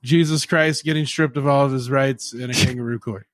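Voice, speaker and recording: A man co-hosting a comedy podcast, rambling in relaxed banter. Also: medium pitch, fairly quick, no echo. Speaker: podcast co-host.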